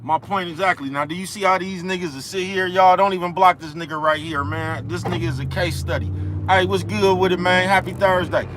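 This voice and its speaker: A man's voice: high voice, steady tone, a little fast, background noise. Profane man ranting on a livestream. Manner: profane, repetitive, keeps asking "you know what I'm talking about". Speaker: livestream host. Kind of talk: ranting live-stream monologue. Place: outdoors in the cold, near traffic.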